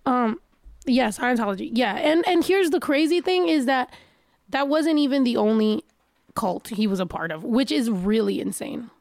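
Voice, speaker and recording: A woman's voice: on the high side, lively intonation, moderate pace, a little mellow, no room sound, clean studio sound. A casual woman with a stuffy nose, chatting bluntly and often profanely while reading viewer comments. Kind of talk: casual chat.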